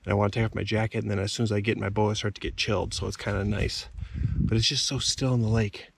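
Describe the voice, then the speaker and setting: A young man vlogging outdoors by a lake at night, talking to the camera in a hushed, easygoing way. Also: quick pace, creaky. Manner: hushed and easygoing, then excited high baby talk to his dog. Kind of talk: casual narration to camera. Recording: distant camera mic, loud outdoor noise.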